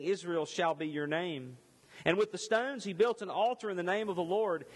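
A man preaching a sermon and reading scripture aloud, giving expressive rising and falling emphasis. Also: sits high. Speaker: pastor. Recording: long reverb in a large hall.

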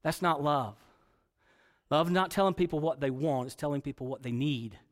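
A pastor with a fairly high, fairly even voice preaches to his congregation at a moderate pace. He reads scripture and builds through rising passages to emphatic points, with long hall reverb on the recording.

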